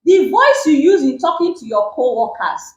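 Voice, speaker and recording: A Nigerian woman gives relationship advice in a high, lively voice that swoops up and down as she hammers each point home. She repeats herself for emphasis, and the room around her is echoey. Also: normal speed, muffled recording. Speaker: relationship guest. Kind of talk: advice talk show chat. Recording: roomy echo.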